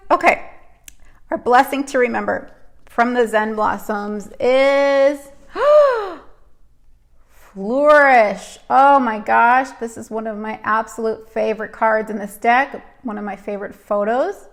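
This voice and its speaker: A woman's voice: fairly high pitch, steady tone, a little slow, vocal fry. A woman hosting a live stream, giving a chatty, emotional card reading, teary and sniffly. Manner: emotional, tearful and laughing, chatty.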